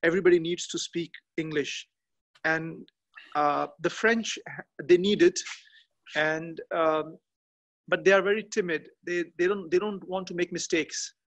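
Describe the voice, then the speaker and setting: A man chatting as a podcast guest from a garden outdoors, halting and often restarting as he searches for words. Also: fairly high pitch, steady tone. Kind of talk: casual interview chat.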